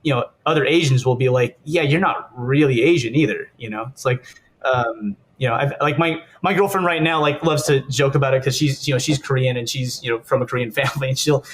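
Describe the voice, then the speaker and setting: A man's voice: medium pitch, steady tone, a little fast, fairly bright tone, slight background noise. An American man from Southern California, a stuntman guest talking casually in an interview, rambling with lots of fillers and laughs.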